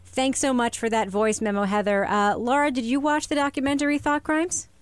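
Woman hosting a podcast, higher voice. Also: fairly even intonation, fairly quick, smooth, dry recording. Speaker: podcast host. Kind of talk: casual chat.

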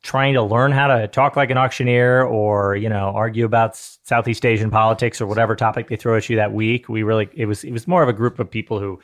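A young adult man co-hosting a podcast in casual conversation. His voice is on the low side. He rambles through his points with a wry, self-deprecating humor. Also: little pitch movement, fast talker, few pauses. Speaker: podcast co-host. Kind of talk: casual chat.

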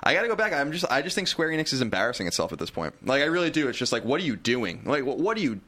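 A man's voice: mid-range voice, very animated, rapid-fire, bright, forceful tone. A man on a casual podcast, ranting animatedly with strong opinions. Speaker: podcast co-host. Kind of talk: casual chat.

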